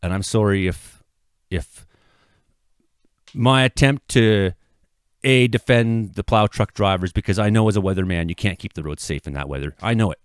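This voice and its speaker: A middle-aged man from Canada, a local weather vlogger, giving an earnest, halting apology that swells into impassioned outbursts. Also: on the low side, clear, resonant tone, dry recording, studio quality. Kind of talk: emotional apology monologue. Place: his home.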